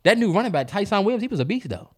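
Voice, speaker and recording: A man co-hosting a casual sports podcast, blunt and swearing in animated banter. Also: high voice, racing. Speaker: podcast co-host.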